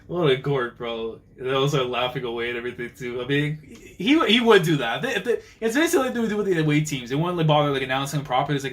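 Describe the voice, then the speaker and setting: Young man, excitable, slangy, fairly high voice, live manga reaction. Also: quick pace, hardly any pauses. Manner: excitable, slangy, reads panels aloud and voices characters.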